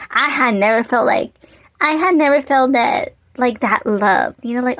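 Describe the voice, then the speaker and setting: Give me an animated woman vlogger telling a story, chatty and casual, with a high voice. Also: unhurried, no echo. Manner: animated storyteller, many "like" fillers. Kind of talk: storytime vlog.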